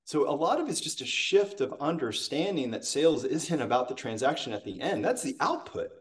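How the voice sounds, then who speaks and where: A man, a sales coach and podcast guest, telling a story in a lively, conversational way. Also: on the high side, fairly quick, distant mic. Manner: animated, acts out quotes.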